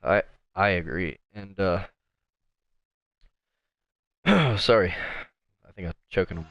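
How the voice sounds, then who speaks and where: A man's voice: sits low, animated, slow, gravelly, a bit bright, no echo, highs cut off. A man casually commentating an online sim race as host, with lots of fillers. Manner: casual, filler-heavy play-by-play.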